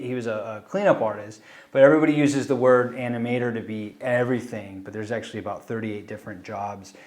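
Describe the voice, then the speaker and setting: A middle-aged man from California, an animator telling stories of his start in a casual interview, acting out the quoted voices as he goes. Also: mid-range voice. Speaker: animator and film director interviewee.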